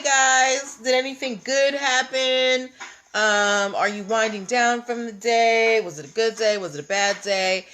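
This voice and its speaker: A woman's voice: fairly high pitch, fairly bright tone. A woman hosting a casual livestream, chatting with viewers and greeting them by name. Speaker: livestream host.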